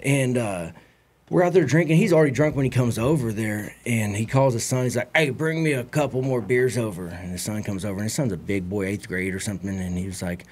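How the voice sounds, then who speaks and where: On a podcast, a man with a Texan accent tells a rambling, profane story in casual fashion, acting out what other people said. His voice is fairly low, darkish and slightly rough, and he talks a little fast.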